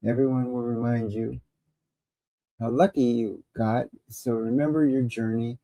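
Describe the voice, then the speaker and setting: A man with a medium-pitched, fairly even voice speaks a little slowly on a muffled recording with no echo. He hosts a live call-in show, rambling casually and cracking crude jokes while fighting technical problems, in the loose style of livestream chat.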